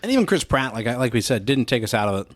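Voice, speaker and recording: A man's voice: medium pitch, big pitch swings, rapid-fire, no room sound. A young adult man co-hosting a podcast, chatting casually, laughing and cursing as he jumps in on his co-host. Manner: laughing, swearing, jumping in to finish thoughts. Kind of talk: casual chat.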